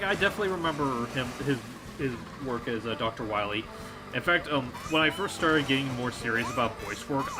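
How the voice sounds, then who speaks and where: A man streaming a kart racing game, chatting casually with an animated, rambling manner full of restarts. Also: medium pitch. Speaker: streamer and voice actor. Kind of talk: casual chat while gaming. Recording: game music playing behind.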